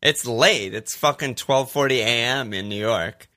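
A man's voice: mid-range voice, unhurried, bright, forceful tone. A man co-hosting a podcast, chatting casually, swearing freely and reading out listener questions. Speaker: podcast co-host. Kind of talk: casual chat.

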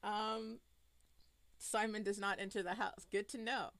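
A woman's voice: mid-range voice, flat delivery, unhurried, a bit bright, a little hiss or hum. A woman running a tabletop horror game as game master, laughing often and using many fillers.

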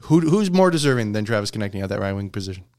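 A man's voice: fairly low pitch, very animated, very fast, a little mellow. A man hosting a casual sports podcast, debating hockey picks and reading out stats with frequent "okay?" check-ins. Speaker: podcast host.

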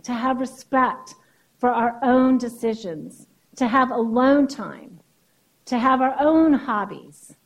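Woman, keynote speech, conversational lecturing, slightly high voice. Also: a little mellow, rough recording. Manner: conversational lecturing, asks "right?". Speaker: sex therapist giving a keynote.

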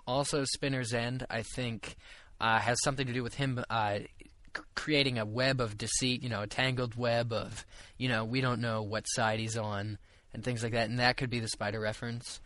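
A man's voice: medium pitch, a bit bright, no room sound. A young man co-hosting a casual group podcast chat, rambling with lots of fillers and restarts. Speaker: podcast co-host.

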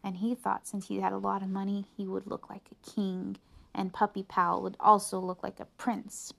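A woman's voice: medium pitch, normal speed, creaky. Woman reading a picture book aloud. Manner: expressive, chatting asides to a child. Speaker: reader to a child.

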